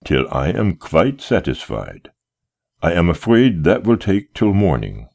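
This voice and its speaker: A man voicing a calm, courteous captor. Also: deep voice, gravelly, heavily acted. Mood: polite. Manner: courteous, unhurried, unmoved. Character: calm polite man detaining a guest.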